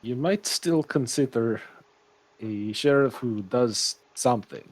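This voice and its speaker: A man playing a tabletop game, adding dry, deadpan quips. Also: medium pitch, slow, no echo. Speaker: player.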